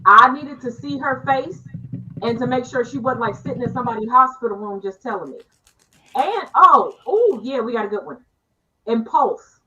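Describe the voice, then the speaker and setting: A woman with a bright, forceful, somewhat high voice hosts an informal panel over a video call. She tells stories animatedly, with quick asides and playful teasing. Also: lively intonation, dull audio. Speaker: panel host. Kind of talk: casual panel chat.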